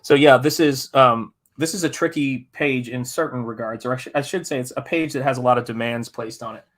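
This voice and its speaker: A man's voice: medium pitch, fairly quick, fairly bright tone. An American man with a rambling, think-aloud manner, chatting casually with viewers while painting on a live stream. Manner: rambling, thinking aloud, restarts mid-thought. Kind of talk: casual chat while working.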